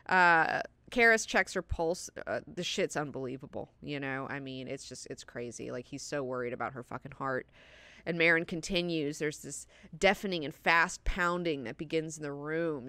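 A woman's voice: sits low, pushed and bright, clear, resonant tone, dry recording. A woman hosting a book class, talking casually with heavy swearing and lots of "like" and "you know".

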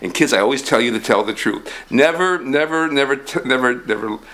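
A man hosting a comic children's show, rambling excitedly and talking straight to the kids. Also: mid-range voice, fairly quick. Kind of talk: comic puppet-style kids' show patter.

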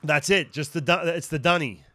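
A man's voice: fairly high pitch, fairly quick, a crowd in the background. A man with an Australian accent hosting a podcast interview, talking animatedly with a lot of restarts and fillers. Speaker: podcast host. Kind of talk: casual interview chat.

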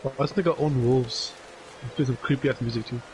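Young man reacting loudly while gaming. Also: medium pitch, steady tone, brisk, a little hiss or hum, rough recording. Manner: swearing, reacting out loud to the game. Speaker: gamer. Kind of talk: casual gaming chat.

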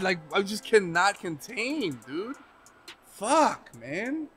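A man's voice: a little high, big pitch swings, a little slow, fairly bright tone. A young man streaming a football video game, swearing and venting his frustration at the game as he plays. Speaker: gaming streamer. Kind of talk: live gameplay commentary.

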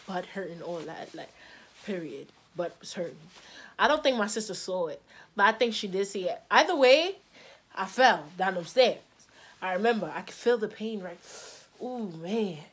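A young adult woman vlogger telling stories in casual, slangy chat, acting out the quotes with lively energy. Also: mid-range voice, moderate pace. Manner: slangy and animated, acts out quotes.

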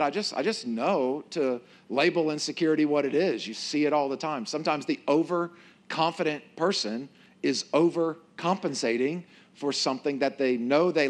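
A male pastor giving a sermon in a conversational, animated storytelling way. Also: fairly high pitch, moderate pace.

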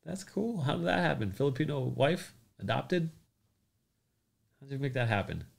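A man's voice: medium pitch, animated, moderate pace, gravelly. A man hosting a crypto livestream in a casual chat, loosely joking and greeting commenters by name.

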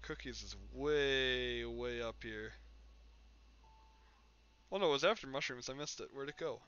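A man's voice: medium pitch, unhurried, fairly bright tone, clean tone, highs cut off. A man streaming a game and chatting casually with his chat in a rambling, jokey way, laughing often. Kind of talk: casual live-stream chat while gaming.

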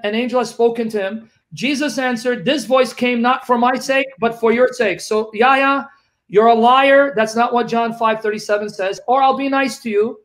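Combative high-voiced male debater. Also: a bit bright. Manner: combative, accusing, reads scripture aloud. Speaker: Christian debater. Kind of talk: heated debate.

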